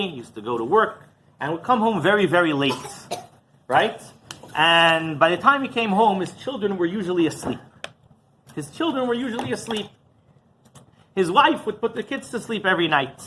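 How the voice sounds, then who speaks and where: A man's voice: fairly bright tone, a little hiss or hum. A man, a rabbi, telling stories in an informal talk, often asking "right?" and acting out the people in them. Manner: conversational storytelling, frequent "right?" and "you know"; acts out quoted voices with big pitch jumps.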